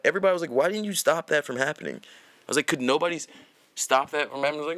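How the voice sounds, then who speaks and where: A man's voice: on the high side, rapid-fire, a bit bright, no room sound. Rambling, profane young man telling a story. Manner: rambling, profane, restarts often. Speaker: podcast host. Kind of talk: casual storytelling.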